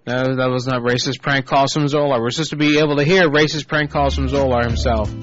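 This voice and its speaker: A man's voice: medium pitch, fairly even intonation, brisk, no room sound, muffled recording. A man hosting a prank call internet radio show, talking in a crude, rambling, mocking way.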